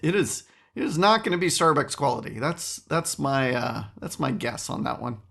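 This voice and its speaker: A man's voice: medium pitch, expressive, moderate pace, gravelly, fairly bright tone. Wry, chatty man hosting a podcast. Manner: chatty and wry, with rambling asides. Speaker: podcast host. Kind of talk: solo podcast monologue.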